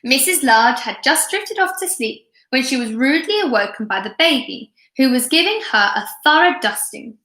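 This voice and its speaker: A woman reading a storybook aloud to young children in an expressive manner, chatting with her viewers between lines. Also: sits high, moderate pace, hardly any pauses. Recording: echoey room.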